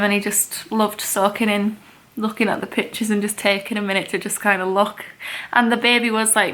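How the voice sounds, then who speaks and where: A young woman vlogging in a casual, chatty way, excitable and gushing. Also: mid-range voice. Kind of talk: casual vlog chat.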